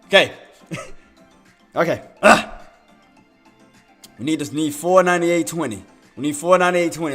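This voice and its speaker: High-voiced guy doing live trading commentary, laughs a lot, faint music behind. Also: normal speed, long pauses, fairly bright tone. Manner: playful, laughs often; repetitive, hypes himself up. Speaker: day trader streamer.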